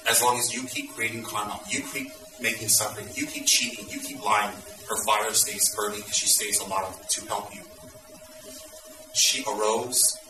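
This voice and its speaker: A man teaching Buddhist students in an intense, dramatic way, at times breaking into loud exclamations. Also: on the low side, roomy sound, distant mic, low-quality recording.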